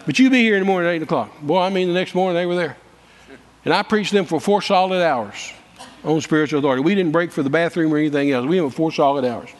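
A man preaches a story with a high, bright voice, folksy and dramatic, stumbling over repeated words and shouting out the lines he quotes. His voice rings through a large hall with long reverb. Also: fast. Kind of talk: storytelling sermon.

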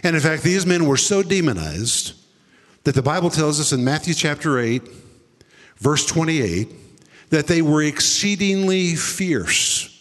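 A male preacher delivers a sermon with dramatic storytelling. His voice sits fairly high and swings down into deep, slow quoted lines. The sound carries the long reverb of a big hall. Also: animated, a bit bright.

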